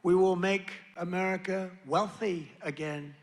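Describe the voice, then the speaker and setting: A man's voice: high-pitched, fairly even intonation, unhurried. An older man giving a rally speech, boastful and repetitive, wandering into rambling asides. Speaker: political speaker at a rally. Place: rally venue with crowd. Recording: rally sound with crowd noise.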